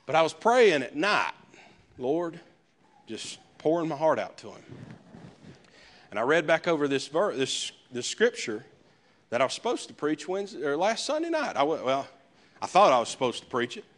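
Guy preaching, pitch jumping all over, chatty folksy sermon. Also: big pitch swings, normal speed, pauses often, fairly bright tone. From American South. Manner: conversational preaching with folksy asides. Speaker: pastor.

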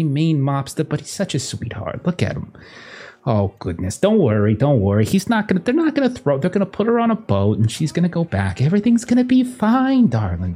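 A man playing Evelyn, a gushing high-society woman. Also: warm tone, husky. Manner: sweet, fussing, theatrical.

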